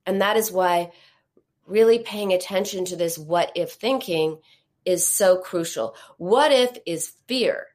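A woman's voice: fairly low pitch, a little slow, a little mellow. A woman who leads a support group on emotional eating, talking casually in a live stream and answering viewer comments in a reassuring, conversational way, with fillers and repeated words.

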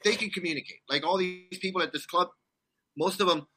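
A man in his sixties from California, a guest telling rambling, animated stories with many restarts in a casual interview. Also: high voice, brisk, faint music behind. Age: 60s.

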